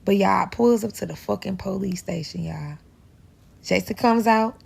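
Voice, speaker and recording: A woman's voice: mid-range voice, moderate pace, gravelly, breathy edge. A woman with a St. telling a casual, profane storytime, acting out the people in it. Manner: animated, profane, acts out quoted dialogue.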